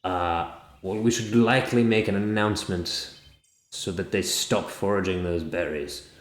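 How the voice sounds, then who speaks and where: A man voicing a stiff, formal male officer who speaks in a measured, proper way. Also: sits low, echoey room.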